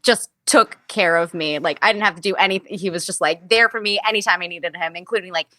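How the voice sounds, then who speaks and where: Bright-voiced young actress telling stories. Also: female voice, fairly low pitch, quick pace, dry recording. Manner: animated storyteller who acts out quoted voices, many "like" fillers. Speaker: musical theater actress, guest. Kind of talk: casual interview storytelling.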